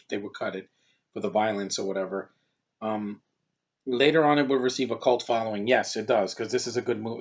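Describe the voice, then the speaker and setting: Reviewing a movie casually, a man in his thirties rambles and digresses from aside to aside. He has a gravelly, husky mid-range voice, and the recording is dull and lo-fi.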